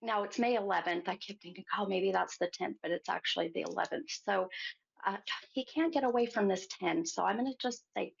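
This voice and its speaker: A woman hosting a psychic show, giving a gentle reading to a caller and calling her hon. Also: medium pitch, gravelly, husky. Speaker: psychic medium host. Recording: muffled lo-fi sound.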